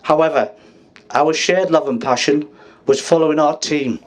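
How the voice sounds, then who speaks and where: The father of the bride, a man in his fifties, gives a playful speech at the wedding reception in a fairly high-pitched voice. He pokes fun at guests and pauses to let the laughter land.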